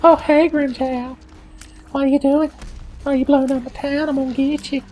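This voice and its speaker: A squeaky cocky anime swordsman. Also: level tone, normal speed, a little mellow, poor audio. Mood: boastful. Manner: high silly falsetto, drawling. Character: cocky young male anime swordsman hero, goofy.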